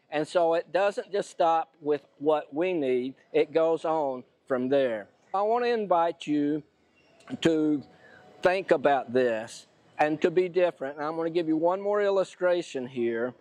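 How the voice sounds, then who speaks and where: A preacher telling a story in a sermon, animating it by acting out the quotes. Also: male voice, on the high side, animated, unhurried, a little mellow, dry recording.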